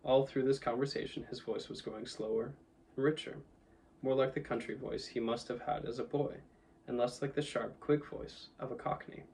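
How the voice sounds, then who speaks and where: A man reading a children's novel aloud in a steady, even storytelling manner, a little away from the mic. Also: mid-range voice, normal speed, creaky, recorded from a distance, slight background noise, poor audio. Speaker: audiobook reader. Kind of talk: storybook narration.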